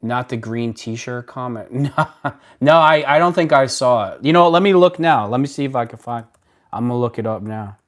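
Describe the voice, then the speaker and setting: Replying to comments from his viewers, this man hosts a laid-back live stream, blunt and meandering, often starting sentences over. His voice sits in the middle range and his pace is moderate.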